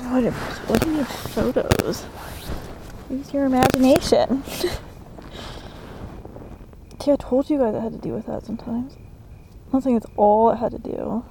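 A woman's voice: a little high, steady tone, normal speed, vocal fry, noisy background. A woman vlogging casually, swearing a lot and often dropping into whispers. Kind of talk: casual reaction vlog.

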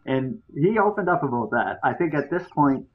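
A man's voice: medium pitch, lively intonation, normal speed. Male podcast guest, rambling storyteller with fillers, tinny phone-like audio. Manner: rambling, many fillers and restarts. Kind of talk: casual storytelling.

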